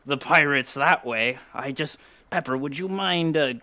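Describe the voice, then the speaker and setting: A man's voice: fairly high pitch, unhurried, bright, forceful tone. A man playing a proud, easily startled pirate captain in an improvised comedy, blustery and stammering. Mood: flustered. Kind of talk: improvised comedy role-play.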